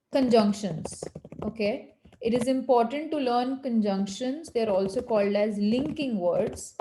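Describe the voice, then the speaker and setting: A woman teaching French on a video call, patiently correcting students and slowing down to model phrases. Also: on the high side, mellow, roomy sound, a little hiss or hum, low-quality recording. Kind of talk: online language lesson.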